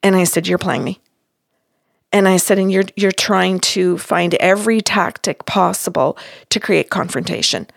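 A woman's voice: lowish voice, fairly even intonation, moderate pace, gravelly, no echo, clean studio sound. A woman in her sixties, a counselor, recounting a session by acting out both sides of the conversation firmly and emphatically. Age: 60s. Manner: acts out both sides of a dialogue, firm and emphatic.

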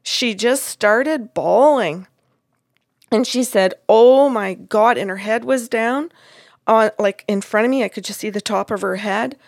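A woman with a gravelly, creaky voice tells a long story in conversation and acts out the lines of each person in it. She talks as a medium. The sound is dry and close. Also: medium pitch, unhurried, no echo. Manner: recounts at length, acting out what people said. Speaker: medium recounting a reading.

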